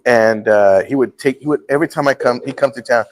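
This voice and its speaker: This middle-aged male host has a mid-range voice and talks a little fast over poor audio. Telling a story on his casual talk show, he stays animated and acts out the quotes with laughs.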